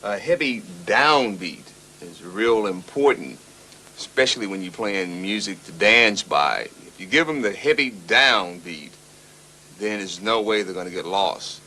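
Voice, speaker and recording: A man's voice: fairly low pitch, expressive, unhurried, bright, forceful tone, slight background noise, rough recording. A man earnestly explaining a musical idea with examples, in an interview. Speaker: guest musician.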